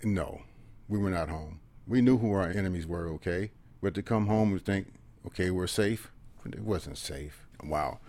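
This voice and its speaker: An older man, a veteran in his seventies, recounts memories to an interviewer in a low voice. He talks earnestly, sinks into hushed asides and tags on a questioning "okay?". The sound is close and dry, with no room around it. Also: moderate pace, no echo. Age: 70s. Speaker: military veteran guest. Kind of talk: personal storytelling in an interview.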